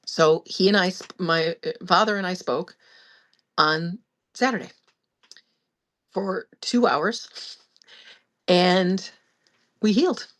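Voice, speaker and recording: A woman's voice: fairly low pitch, slow pace, pauses often, a bit bright. A woman hosting her podcast, telling a personal story in a candid, emotional way, often restarting her sentences. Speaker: podcast host.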